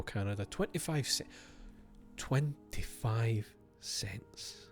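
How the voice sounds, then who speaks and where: A man streaming a game, reading its letters aloud and breaking off for wry asides to himself. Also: medium pitch.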